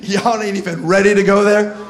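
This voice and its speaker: A man preaching a sermon, animated and humorous, retelling scripture with slang. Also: high voice, a little fast, slight background noise. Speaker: pastor.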